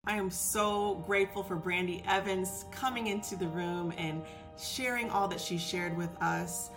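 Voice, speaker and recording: A woman hosting an interview podcast, asking questions and giving warm affirmations. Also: fairly low pitch, fairly even intonation, a little slow, faint music behind. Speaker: podcast host.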